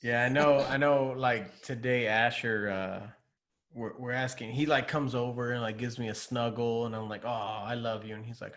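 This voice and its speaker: A young man hosting a relaxed podcast conversation at a medium pitch. He talks loosely, packs his sentences with fillers and chuckles as he tells stories about his kid. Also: normal speed. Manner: laid-back, many fillers, laughs through stories. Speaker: podcast host. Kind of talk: casual interview chat.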